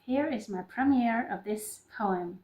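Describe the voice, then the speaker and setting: A woman with a Norwegian accent talks in a loose, rambling vlog style, often stopping to apologize and start over. Her voice sits a little high. The room around her rings with echo. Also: moderate pace. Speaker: YouTuber. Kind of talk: casual improvised vlog chat. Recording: echoey room.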